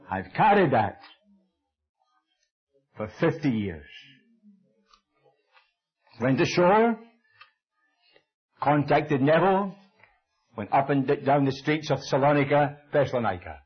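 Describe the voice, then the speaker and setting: An older Scottish man preaches, weaving a story into his sermon with lively, swooping pitch. His voice is husky. The recording is dull and lo-fi. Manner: animated storytelling, acting out dialogue with shifting pitch.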